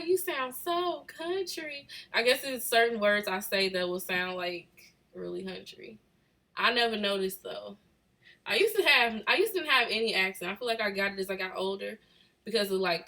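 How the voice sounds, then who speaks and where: A woman's voice: medium pitch, brisk, bright, forceful tone. A woman in her late twenties with a Chicago accent, chatting casually with viewers on a livestream and answering their comments. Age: late 20s. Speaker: livestream host. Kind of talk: casual live chat with viewers.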